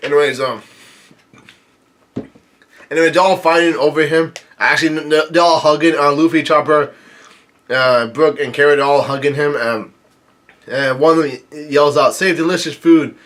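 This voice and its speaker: A young man reading a manga chapter aloud in a casual, halting way, full of fillers and restarts, and lifting his energy for the quoted lines. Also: fairly high pitch, fairly even intonation, fairly bright tone. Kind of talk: casual read-through commentary.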